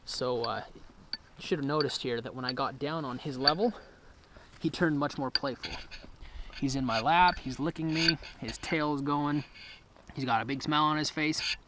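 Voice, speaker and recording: A man casually explaining dog training in a relaxed, rambling way, with many ums and restarts. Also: mid-range voice, moderate pace, noisy background. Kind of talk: casual outdoor instruction. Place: outdoors with his dog.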